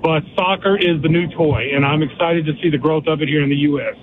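A man's voice: fairly high pitch, a little fast, a little hiss or hum. An older man calling in to a sports radio show, earnest and eager, repeating himself as he talks. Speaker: caller. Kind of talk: phone-in call. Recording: tinny phone line.

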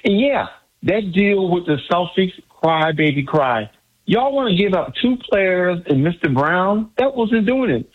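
An excited man phones in to a sports radio show, boasting and repeating his lines. His pitch jumps around a lot, and the voice comes through husky and muffled over the phone. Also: unhurried. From United States. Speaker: caller.

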